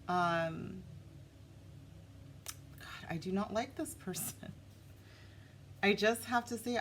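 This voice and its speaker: A woman giving a casual, animated tarot reading, talking straight to her viewers. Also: medium pitch, a little hiss or hum. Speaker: tarot reader.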